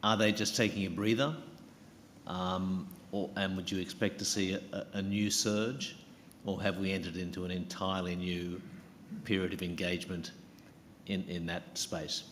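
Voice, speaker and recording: A man's voice: low voice, flat delivery, moderate pace, fairly bright tone. A man asking a panel a question from the audience in a casual, slightly stumbling way. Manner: informal, self-deprecating, stumbling. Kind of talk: question from the floor. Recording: reverberant hall with faint room noise.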